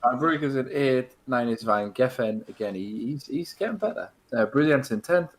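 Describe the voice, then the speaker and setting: A man's voice: mid-range voice, lively intonation, moderate pace, low-quality recording. A man co-commentating a live sim race, cheeky and crude, joking with his co-host and reading out the grid. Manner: cheeky, crude jokes, says mate a lot.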